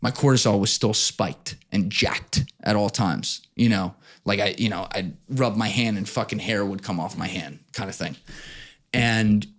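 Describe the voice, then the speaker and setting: A man as a podcast guest in casual chat, telling stories in an animated way, with plenty of swearing and acted-out quotes. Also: lowish voice, moderate pace. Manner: animated, profane, acts out quotes.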